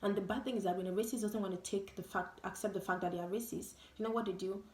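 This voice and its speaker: A woman's voice: medium pitch, steady tone, fast, a little mellow. A woman vlogger giving an emphatic, repetitive monologue full of rhetorical questions. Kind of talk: opinion vlog monologue. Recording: roomy echo.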